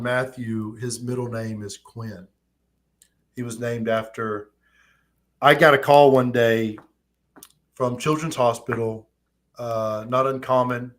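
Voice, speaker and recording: A man in his thirties hosting a live-streamed talk, telling stories in quick animated bursts. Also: medium pitch. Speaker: host. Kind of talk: casual live-stream chat.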